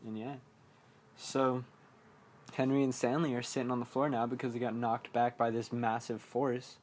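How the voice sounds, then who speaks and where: A man's voice: medium pitch, flat delivery, normal speed. A man hosting a podcast, recapping a horror movie in a casual, rambling way, full of fillers and chuckles at his own remarks. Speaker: podcast host.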